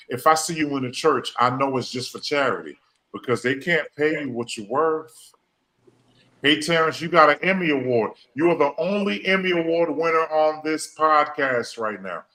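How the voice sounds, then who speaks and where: A man's voice: medium pitch, pushed and bright, poor audio. A man hosting a podcast, speaking, repeating phrases and using folksy slang. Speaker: podcast host. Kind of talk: emotional motivational talk.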